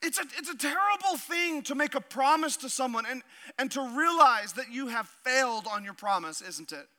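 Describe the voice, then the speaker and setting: A man with a notably high, bright, forceful voice, preaching a sermon. He reads scripture aloud and then drops into animated, humorous asides. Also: moderate pace. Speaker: pastor.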